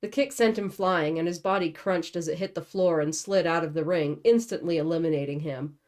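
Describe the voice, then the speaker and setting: A woman's voice: on the low side, fairly quick, darkish tone. A young woman reading a novel aloud and breaking off for casual, joking commentary. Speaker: book channel host.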